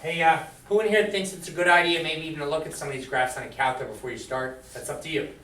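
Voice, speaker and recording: A man's voice: fairly high pitch, steady tone, quick pace, pushed and bright, a little hiss or hum. A man teaching a math class in a classroom, quizzing students with fill-in questions. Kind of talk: classroom lecture. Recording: echoey room, far from the mic.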